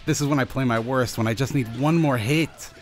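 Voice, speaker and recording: A young man giving live commentary over his own fighting-game match, anxious and pleading with himself, his pitch jumping up and down. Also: brisk. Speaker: gaming channel host. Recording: faint music behind.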